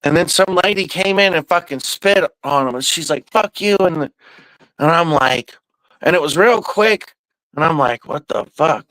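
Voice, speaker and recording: A man's voice: on the high side, moderate pace, a bit bright, dry recording, poor audio. A man hosting a podcast, telling a loose, profane story in a casual, rambling way. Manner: profane, loose and meandering, with drawled asides. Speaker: podcast host.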